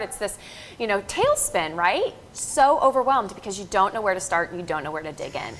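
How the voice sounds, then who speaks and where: A woman's voice: medium pitch, expressive, brisk, fairly bright tone, slight background noise. A woman co-presenting a live business workshop, explaining earnestly and checking in with the audience. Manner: earnest and explanatory, many fillers and "right?" checks.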